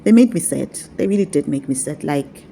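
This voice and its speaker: A woman whose voice is fairly low, mellow and creaky teaches her online followers about spiritual practice, talking fairly quickly and expressively. Her tone is casual and affectionate, and she repeats herself to coax them along. A faint hiss lies beneath her voice.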